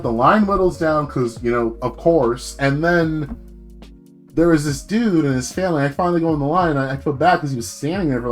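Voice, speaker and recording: A young man streaming, telling a long, profane story about his work in casual slang and acting out what other people said. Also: on the high side. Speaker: VTuber streamer.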